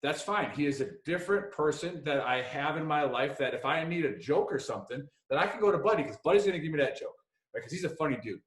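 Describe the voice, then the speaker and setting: A man's voice: on the high side, animated, fast talker, fairly bright tone. A man hosting a casual podcast, rambling and joking with frequent swearing. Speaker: podcast host. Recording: echoey room.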